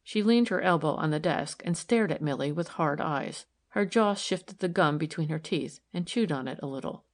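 Brief: female audiobook narrator, low-ish pitch, steady and even. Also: moderate pace, hardly any pauses.

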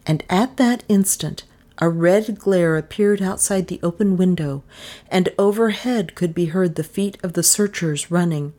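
A woman narrating an audiobook in a measured, even storytelling manner. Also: fairly low pitch.

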